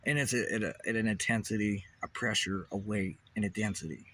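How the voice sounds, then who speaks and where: A man's voice: fairly low pitch, fairly quick, fairly bright tone, slightly rough. A man delivering a rambling, intense monologue as a vlogger, swearing often and repeating questions.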